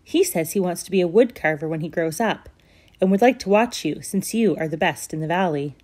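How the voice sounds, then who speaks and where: A woman reading a storybook aloud, voicing a polite, earnest widow who pleads gently. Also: on the low side, brisk, natural voice.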